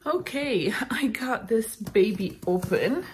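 A woman's voice: on the high side, lively intonation, takes it slowly, slight background noise. A middle-aged woman from Canada opens a parcel at home, gushing and laughing a lot as she unpacks. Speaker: vlogger opening mail. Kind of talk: casual unboxing chat. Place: at home by a table.

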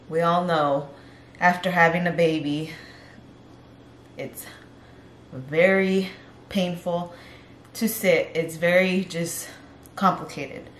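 A young woman chats casually through a home vlog while heavily pregnant, audibly out of breath. Her voice sits slightly low, and she rambles and corrects herself as she goes. The room sounds roomy, with a faint hiss underneath. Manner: chatty and rambling, self-correcting. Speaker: vlogger.

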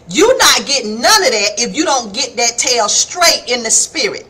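A middle-aged woman, preaching a folksy, animated devotional sermon on a live stream and calling her listeners baby and honey. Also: sits high, moderate pace, hardly any pauses, husky. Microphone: phone or webcam on a live stream.

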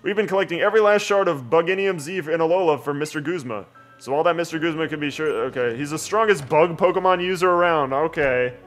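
A jokey let's play host rambling through casual gameplay commentary. His voice sits a bit higher than most men. Faint game music runs underneath. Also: fast talker, a bit bright.

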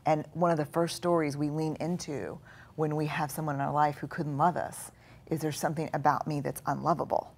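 A woman's voice: sits low, level tone, fairly quick, a little mellow. A middle-aged woman, a guest author in a live studio talk, explaining her ideas earnestly and acting out inner voices.

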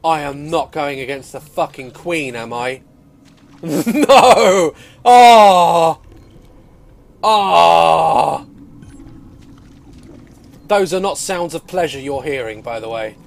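A man hosting a let's-play, loud and excitable, swearing and taunting enemies as he plays. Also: mid-range voice, normal speed, slight background noise. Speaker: gaming video host.

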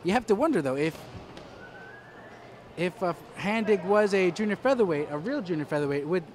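A man's voice: high-pitched, animated, moderate pace, a little mellow. Hesitant male boxing commentator, noisy arena. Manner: hesitant, many fillers and restarts; dry, wry asides. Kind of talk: live fight commentary.

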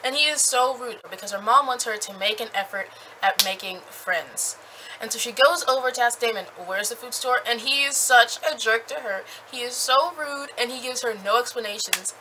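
A young woman recapping a book in a chatty, animated way with lots of fillers. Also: fairly high pitch, normal speed, noisy background. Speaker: book reviewer.

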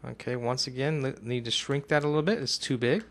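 A man narrating a casual software screencast tutorial, talking himself through each step and now and then bursting into excited whoops, recorded on a desktop mic at his computer. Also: mid-range voice, fairly quick.

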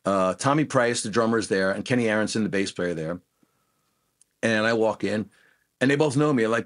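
Low-voiced man telling lively stories. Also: moderate pace. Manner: animated anecdotes, acts out quoted dialogue. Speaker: guest musician. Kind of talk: casual storytelling interview.

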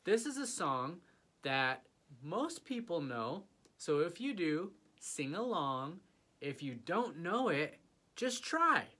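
A man's voice: fairly high pitch, very animated, takes it slowly, sharp tone. A man teaching an early childhood music lesson, playfully inviting young children to join in with animal sounds and singing.

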